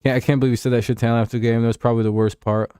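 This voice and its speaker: A man talks sports off the cuff on his stream, rambling and swearing freely, often breaking into a chuckle as he answers his viewers. His voice sits at an ordinary middle pitch. The sound is dry and close, with no room echo. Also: level tone, rapid-fire, warm tone, smooth. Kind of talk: casual livestream sports chat.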